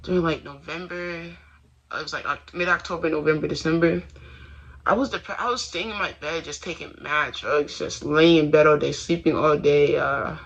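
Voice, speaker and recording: A young man tells his story in a loose, slang-heavy, rambling way, stopping and restarting his sentences. His voice sits a little high and sounds sharp and bright. The sound is dull and lo-fi. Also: moderate pace, gravelly. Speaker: vlogger. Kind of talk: casual confessional talk.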